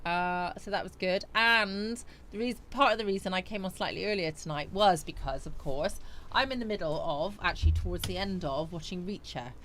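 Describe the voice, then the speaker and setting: A woman's voice: lowish voice, normal speed, a bit bright, a little hiss or hum. A woman livestreaming a casual chat, rambling with lots of ums as she reads out viewer comments. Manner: chatty and rambling, with many ums.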